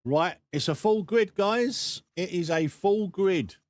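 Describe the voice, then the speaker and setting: Male sim racing streamer, slightly high voice, unhurried teasing banter, dry sound. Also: expressive, no room sound. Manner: teasing, laughs often, repeats words. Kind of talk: casual live-stream chat.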